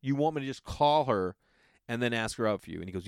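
A middle-aged man tells a long comic story in a storytelling stand-up style, talking fast and smoothly. He's animated, voicing the friends he quotes with big jumps in pitch. The studio-quality recording has no room sound.

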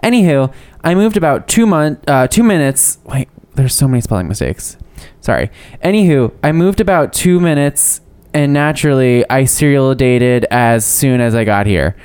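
Animated smooth-voiced male podcast co-host. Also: mid-range voice, moderate pace, few pauses. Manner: animated, playful, laughs often. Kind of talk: casual chat, reading listener letters and an ad.

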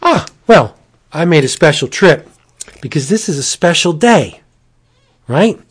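A man's voice: on the high side, sing-song, a little slow, slightly rough. A man hosting a casual podcast, joking and rambling through a sponsor read with playful asides. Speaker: podcast host.

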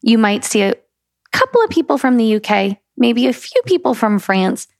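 A woman's voice: on the high side, big pitch swings, normal speed, no room sound, studio quality. A middle-aged woman from the United States co-hosting a casual travel chat, laughing easily and steering the talk. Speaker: co-host.

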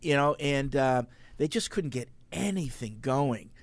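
Gravelly-voiced male sports podcast host. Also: medium pitch, measured pace, no echo. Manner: relaxed storytelling, trailing off with fillers. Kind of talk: casual sports talk.

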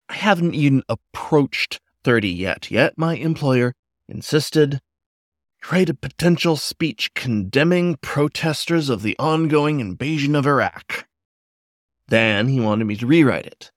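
Man, story narrator, measured reflective reading, mid-pitched, dry close sound. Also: no echo. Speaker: audiobook narrator. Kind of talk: first-person story narration.

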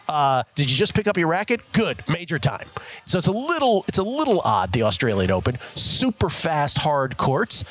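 A man hosts a sports betting talk show, his pitch swinging up and down with real life. He keeps the patter brisk and jokey as he introduces guests and tees up topics. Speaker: radio show host.

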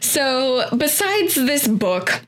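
A woman's voice: high voice, sing-song, very slow, fairly bright tone. A woman casually recounting a historical party as a podcast co-host, with wry asides and swearing.

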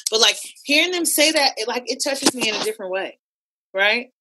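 A woman hosting a podcast, telling animated, profane stories in casual chat. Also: fairly high pitch, fairly quick, poor audio. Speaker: podcast host; cheerleading coach.

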